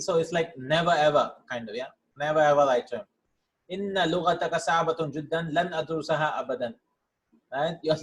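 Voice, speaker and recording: A man's voice: fairly high pitch, low-quality recording. A man teaching a language lesson in a casual, thinking-aloud way, reading words out one by one and checking in with "right?" as he goes. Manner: informal, thinks aloud, tags lines with "right?" and "yeah?"; reads each word, then glosses it. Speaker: Arabic teacher. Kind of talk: casual lesson explaining vocabulary and grammar.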